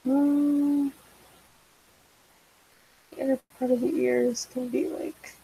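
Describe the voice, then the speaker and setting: Teen girl rambling while she draws, kinda high, raspy fry-ish voice, awkward and self-deprecating. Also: level tone, slow, mellow, poor audio. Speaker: digital artist vlogger. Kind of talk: casual chat while drawing. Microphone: desk mic.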